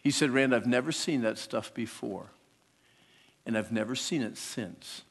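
A man preaching a sermon to teenagers, swinging between hushed, close talk and loud, animated stretches. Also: medium pitch, a little slow. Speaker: youth speaker. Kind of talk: sermon to teens. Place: large hall. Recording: long hall reverb.

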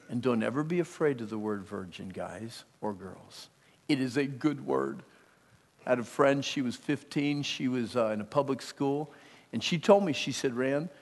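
Gravelly-voiced preacher in a reverberant hall. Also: male voice, medium pitch. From Pennsylvania. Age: middle-aged. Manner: emphatic, swings from hushed to loud. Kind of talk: sermon.

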